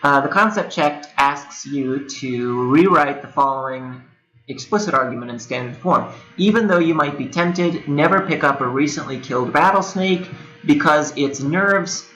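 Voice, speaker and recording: A man's voice: fairly high pitch, moderate pace, pushed and bright. A young man teaching a recorded lecture, explaining things conversationally with playful asides. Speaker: instructor. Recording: echoey room with machine whirr.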